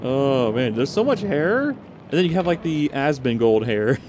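A man giving loud, excitable commentary while playing a video game, full of exclamations and laughter. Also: medium pitch, normal speed. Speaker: gaming streamer. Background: game music.

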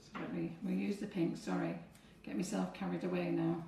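A woman's voice: lowish voice, level tone, brisk, creaky, warm tone, recorded from a distance, a little hiss or hum. A woman teaching cake decorating on a live stream, chatting to viewers as she works through each step. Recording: echoey room, away from the mic.

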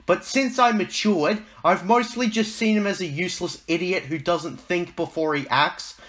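A man's voice: high voice, moderate pace, a bit bright. A man hosting a reaction video, commenting in a sarcastic, mock-dramatic way. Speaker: YouTube host.

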